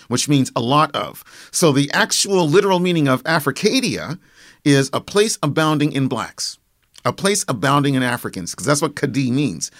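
A man with a Nova Scotian accent, a poet speaking in a radio studio interview who savors words and recites his verse slowly and dramatically. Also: on the high side, fairly bright tone, no echo. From Nova Scotia, Canada. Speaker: poet and guest. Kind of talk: interview answers and recited poetry. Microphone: studio microphone.

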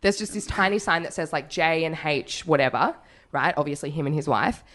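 A woman, casually telling animated, swear-laden stories in a chat. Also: sits low, a little fast. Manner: animated storyteller, swears freely.

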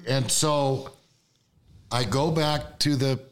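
A man recounts a story as a guest in a casual chat. He slips into the voices of the people he quotes as he goes. His voice sits in an ordinary middle pitch. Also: steady tone, slow pace, clear, resonant tone.

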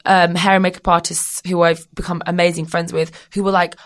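A woman's voice: on the low side, brisk. A woman from Britain, a model, chatting as a guest in an interview and laughing often. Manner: animated, laughs often, jumps into playful voices. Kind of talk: casual interview chat.

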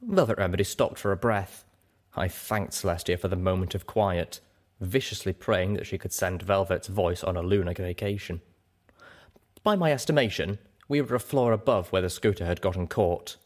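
A man narrating a story aloud as an audiobook reader, with an expressive, dramatic delivery. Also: deep voice, normal speed. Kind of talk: scripted narration.

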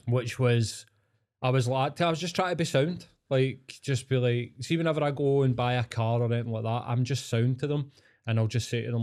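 A man with a Scottish accent and a medium, slightly mellow voice hosts a podcast as a casual chat, telling rambling stories full of swearing.

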